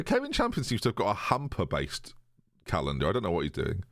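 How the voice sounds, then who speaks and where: Chatty man, lively swinging pitch. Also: fairly quick, dry recording, studio quality. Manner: chatty, jokey, reads chat aloud. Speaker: streamer. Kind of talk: casual live-stream chat with viewers.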